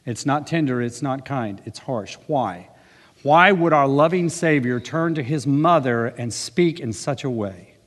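A man's voice: mid-range voice, expressive, measured pace, big-room sound. A man preaching a sermon earnestly, with conversational asides. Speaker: pastor.

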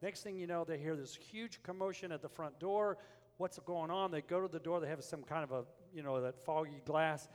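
An older male preacher telling a story from the pulpit with a slightly high voice. His words ring out with a long echo through a big sanctuary. He moves from easy storytelling to forceful preaching. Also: normal speed. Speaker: pastor. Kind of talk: sermon.

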